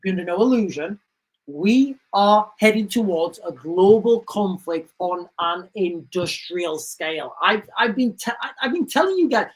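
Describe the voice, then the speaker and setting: A man's voice: high voice, lively intonation, measured pace, poor audio. A man hosting a livestream, talking in an emphatic, repetitive way and acting out stories with sound effects. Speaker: livestream host. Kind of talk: casual commentary livestream.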